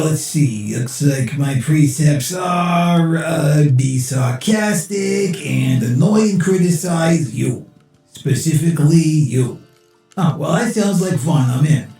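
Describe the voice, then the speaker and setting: A man playing a gravelly, snarky AI sidekick. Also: on the high side, expressive, takes it slowly, dark tone, faint music behind, exaggerated voice. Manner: sarcastic, heckling, casual slang. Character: sarcastic male AI sidekick, snarky troll. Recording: very echoey room.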